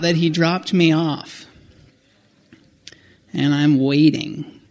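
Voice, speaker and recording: A man telling a personal travel story in a rambling, self-correcting, animated way. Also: on the high side, extremely slow.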